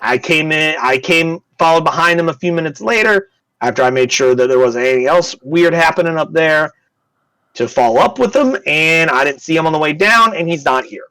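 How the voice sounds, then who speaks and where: Brief: casual male game master, higher voice, dry close recording. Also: lively intonation, brisk, bright, forceful tone, smooth, no room sound, low-quality recording. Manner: casual, loose narration with profanity. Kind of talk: narrating a tabletop game.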